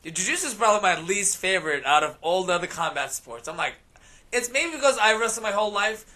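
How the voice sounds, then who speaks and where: A man's voice: high voice, lively intonation, quick pace, pushed and bright. A man who fights professionally, chatting as a podcast guest in a rambling way with lots of fillers and laughter. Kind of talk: casual chat.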